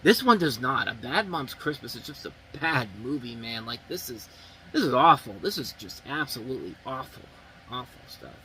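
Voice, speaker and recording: A man's voice: mid-range voice, big pitch swings, moderate pace, pushed and bright, low-quality recording. A man reviewing movies in casual talk, blunt and rambling with many restarts.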